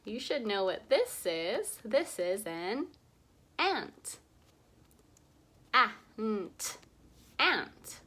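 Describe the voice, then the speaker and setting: A woman teaching young children to read, sounding out vowels slowly and with exaggerated emphasis. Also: medium pitch, very animated, a bit bright, husky. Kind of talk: early reading lesson for young children.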